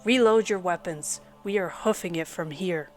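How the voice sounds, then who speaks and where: A woman's voice: on the low side, moderate pace, faint music behind, close to an everyday voice. Woman voicing a curt hardened mercenary leader. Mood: urgent. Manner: curt, clipped orders.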